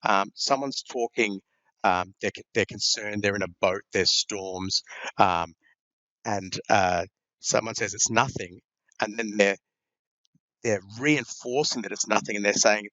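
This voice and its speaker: A man's voice: fairly low pitch, a little slow, bright, forceful tone, dry recording, dull audio. A man teaching a grammar lesson, explaining punctuation with many ums and repeated words.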